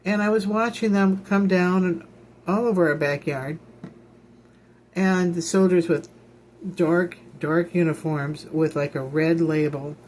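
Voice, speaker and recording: Slow, folksy woman minister. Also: fairly low pitch, fairly even intonation, darkish tone, slight background noise. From Illinois, United States. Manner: rambling, repeats herself, folksy asides. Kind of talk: informal ministry talk.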